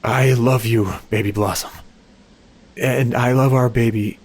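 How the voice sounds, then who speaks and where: An actor playing an anguished young husband under a dark curse in a horror audio story, confessing in halting, stammering bursts. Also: male voice, mid-range voice, steady tone, husky. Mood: tender, regretful.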